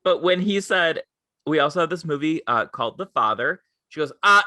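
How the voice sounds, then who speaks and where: Young male podcast co-host, animated storyteller who does voices for people he quotes, bright tone, dry close mic. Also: on the high side, moderate pace, no echo. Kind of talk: casual chat.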